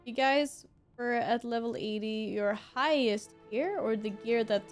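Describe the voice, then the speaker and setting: A woman's voice: fairly high pitch, measured pace, faint music behind. A woman who grew up speaking Swedish, streaming a game and chatting casually with her viewers, humming to herself between remarks. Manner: chatty, talks to chat while playing, hums to herself. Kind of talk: casual gameplay chat.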